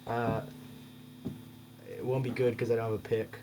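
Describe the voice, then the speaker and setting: A man's voice: medium pitch, little pitch movement, moderate pace, slight background noise. A man chatting on a voice call in a laid-back, slangy way while his guitar amp and a backing track play. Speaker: class participant. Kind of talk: casual chat on a call. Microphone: computer mic on a voice call. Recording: voice call with loud guitar music.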